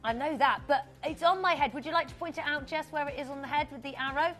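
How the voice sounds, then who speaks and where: Bubbly high-voiced woman presenter. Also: fast, a bit bright, soft background music. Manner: chatty, bubbly, reads out viewer names. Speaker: shopping channel presenter. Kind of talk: live TV shopping chat. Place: TV studio.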